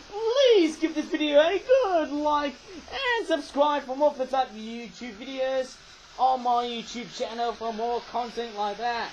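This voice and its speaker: A man with a strikingly high voice rambles through a casual toy review, often ending his sentences with a questioning "eh?". He raises his voice to carry over a rattling toy train, and a faint hum of noise sits behind him. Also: poor audio. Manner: rambling, chatty, tags lines with "eh?". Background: toy train running.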